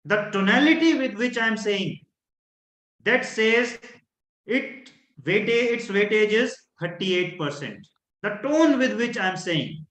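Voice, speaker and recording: Man, Indian English accent, high voice, instructive, echoey room. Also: fairly bright tone. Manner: instructive, repeats key phrases, acts out fearful tones. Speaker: workshop coach. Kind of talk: online workshop teaching.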